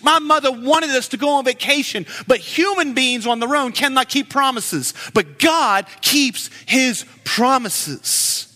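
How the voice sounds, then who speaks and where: Man preaching in a reverberant hall. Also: high-pitched. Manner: animated preaching, shifting between loud emphasis and hushed asides. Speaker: pastor. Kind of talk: sermon.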